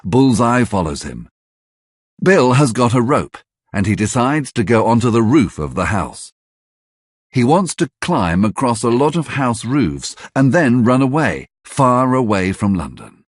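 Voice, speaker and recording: A man narrating a graded reader story slowly and clearly for language learners. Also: mid-range voice, sing-song, dry recording, clean studio sound.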